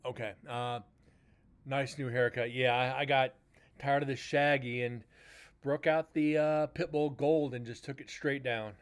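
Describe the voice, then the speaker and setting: A man's voice: medium pitch, steady tone, measured pace, clean tone. A tired man hosting a livestream, chatting casually to viewers and retelling a work dispute with filler words and swearing. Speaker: livestream host. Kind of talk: casual chat to stream viewers.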